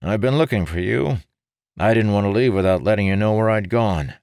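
A determined young nobleman with a firm, persuasive way of speaking, as a man reads him. The voice sits a little higher than the reader's own very deep tone, in a dry, close recording. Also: a little fast, a little mellow, smooth, no room sound, lightly acted. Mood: earnest.

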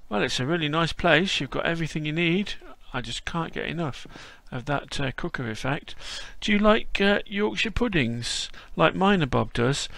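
A man's voice: on the high side, normal speed, vocal fry, hardly any pauses, sharp tone. A man narrating a casual walkthrough as host, chatty and whimsical.

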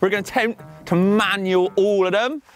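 A man's voice: sits high, steady tone, moderate pace, natural voice. A man putting on a Somerset West Country accent to play a cheeky yokel on outdoor jump trails, tagging on "innit" and "my lover". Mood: jokey. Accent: put-on Somerset West Country. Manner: jokey, tags on innit and my lover.

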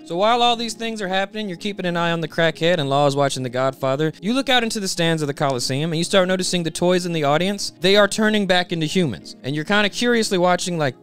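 A man telling a comedic recap in the second person, with a slightly high voice. He is chatty and sarcastic, tossing in "okay?" asides, and faint music plays behind him. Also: animated, fast talker, few pauses, a bit bright. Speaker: comedy narrator.

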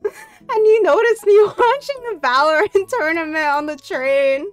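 A young woman with a high voice chats casually on her stream, spilling a story full of fillers and quick laughs. Faint music plays behind her. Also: lively intonation. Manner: chatty storytelling, many fillers, frequent laughing. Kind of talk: casual chat.

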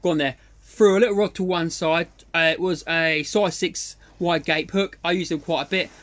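A high-pitched man, middle-aged, spins a rambling fishing yarn in loose casual chat. He gets excitable, swears freely, stumbles through restarts and throws in sound effects as he goes. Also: moderate pace. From England. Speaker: angler telling a fishing story. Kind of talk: casual storytelling monologue.

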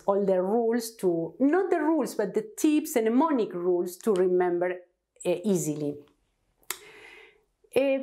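Slow, lively Argentine woman teaching. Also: mid-range voice. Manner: patient, explains step by step, checks with "okay?". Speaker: Spanish teacher. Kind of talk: whiteboard language lesson.

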